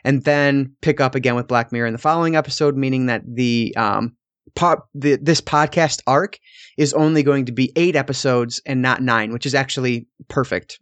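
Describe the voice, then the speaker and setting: A man's voice: mid-range voice, normal speed, fairly bright tone, no echo. A man hosting a film podcast, chatting casually with loose, profane asides. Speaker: podcast host.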